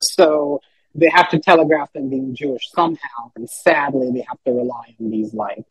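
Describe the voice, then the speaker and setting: A man with a slightly high, husky voice, chatting as a podcast guest. He rambles through his points with plenty of fillers and restarts. The sound is dry and close. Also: moderate pace, dry recording, low-quality recording. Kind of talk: casual chat.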